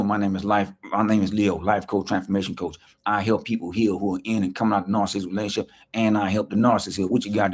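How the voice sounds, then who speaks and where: Male life coach, low and husky, preachy livestream delivery with repeated lines. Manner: preachy, repeats key lines, asks rhetorical questions; speaks straight to viewers, greeting them by name. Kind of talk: motivational livestream talk.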